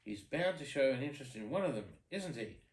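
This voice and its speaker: Brief: dad playing a blustering old storybook king, lively lilt, echoey room. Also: medium pitch, a little fast, close to an everyday voice. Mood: impatient.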